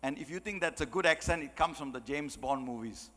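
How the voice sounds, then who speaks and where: Guy giving a jokey motivational talk, high voice, lots of hall reverb. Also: brisk. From Malaysia. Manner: animated, joking, chatty with many "you know"s. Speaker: motivational speaker. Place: large hall.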